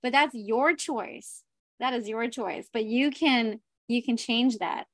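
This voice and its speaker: A woman's voice: fairly high pitch, slow pace, dry recording. A woman co-hosting a podcast in casual chat, talking in a loose, chatty way with many fillers. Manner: chatty, lots of fillers like "like" and "right". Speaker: podcast co-host.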